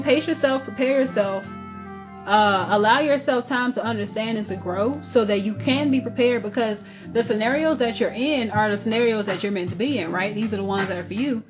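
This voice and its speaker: Southern woman, slightly high voice, casual tarot reader, rambling with fillers, music under the voice. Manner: loose, conversational, many fillers and restarts.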